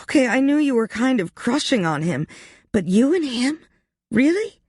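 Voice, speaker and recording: Narrator putting on Ashley, a gushing high-pitched young woman. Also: normal speed, darkish tone, no room sound, studio quality, lightly acted. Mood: astonished.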